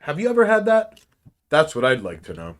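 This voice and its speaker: A man from New York co-hosting a podcast, telling stories in a profane, animated way with big swings in loudness. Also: a little high, brisk. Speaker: podcast co-host. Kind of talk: casual chat, storytelling.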